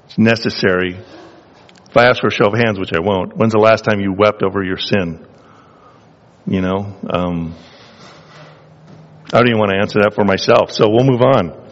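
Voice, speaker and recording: Preaching man in a reverberant hall. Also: medium pitch. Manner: rhetorical questions, rising emphasis. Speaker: pastor. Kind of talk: sermon. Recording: dull, reverberant hall sound.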